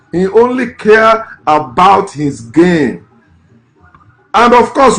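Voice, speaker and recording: Vlogger, man, fairly high voice, blunt and scornful political rant. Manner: blunt, scornful, repeats curses. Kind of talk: ranting political commentary.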